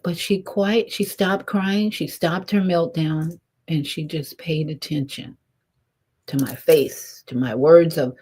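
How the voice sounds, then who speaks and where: An older woman, a spiritual teacher, telling a story in an animated, lively way, her voice swinging between rises and soft drops. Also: low-pitched, takes it slowly, husky. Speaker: spiritual teacher leading meditation. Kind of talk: storytelling talk.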